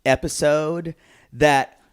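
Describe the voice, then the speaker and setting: A man co-hosting a podcast, joking and chiming in with quick asides. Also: a little high, fairly even intonation, clear, resonant tone. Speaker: podcast co-host. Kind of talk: casual recap chat.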